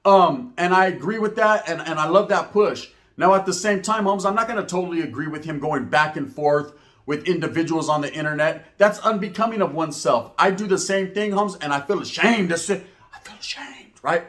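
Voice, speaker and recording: Man, high-pitched, YouTuber, casual opinion commentary, animated, slangy, rhetorical asides. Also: brisk. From Northern California.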